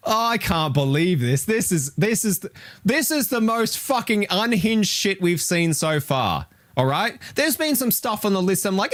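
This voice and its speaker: A man's voice: high voice, a little slow, no echo, studio quality. A man giving live reaction commentary on a game ranking, swearing and ranting in disbelief. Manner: animated, swearing, exasperated ranting. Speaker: retro gaming streamer reacting to a list.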